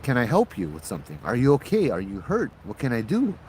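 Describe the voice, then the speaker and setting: A polite male traveler from a spoken ghost story, exasperated and full of questions, as a storyteller puts him on. He talks at an ordinary pitch, with a faint hiss of noise behind him. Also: huge pitch swings, quick pace, a little mellow. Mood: concerned.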